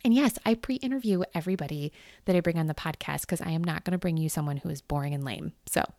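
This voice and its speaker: An enthusiastic woman hosting her own podcast, chatting into a close podcast mic in a dry, deadened room. Her voice sits a little low for a woman, and she talks in a bubbly, gushing way full of casual fillers. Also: quick pace, no echo. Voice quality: bubbly, gushing, animated with gesturing hands. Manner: chatty, upbeat, lots of fillers like 'you know' and 'like'. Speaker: podcast host. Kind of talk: solo podcast monologue. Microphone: podcast microphone.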